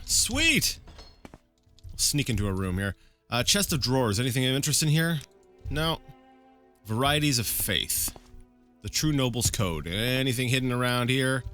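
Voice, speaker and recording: A man talks his way through a video game in a bright, forward voice, thinking out loud and restarting his sentences often. Faint game music plays under him. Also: mid-range voice. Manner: rambling and self-correcting, with frequent fillers and restarts. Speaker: let's play gameplay commentator. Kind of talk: casual live gameplay commentary.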